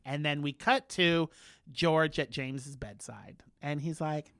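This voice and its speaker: A man co-hosting a podcast, recapping a TV episode in casual chat, animated and full of playful quoted voices. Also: on the high side, unhurried, smooth, no echo, clean studio sound. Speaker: podcast co-host.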